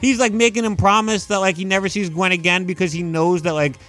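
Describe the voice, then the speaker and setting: A young man talks through a countdown list in loose, animated commentary, filling his sentences with "like" and pushing into emphatic rants. His voice sits a bit high for a man, and faint music plays underneath. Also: quick pace. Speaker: YouTube movie commentator. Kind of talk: casual ranking commentary.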